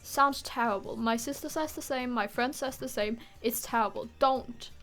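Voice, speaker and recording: A woman's voice: on the high side, moderate pace, a bit bright, soft background music. A young woman from Denmark, giving exasperated, swearing commentary while she streams a game. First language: Danish. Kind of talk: live gameplay commentary.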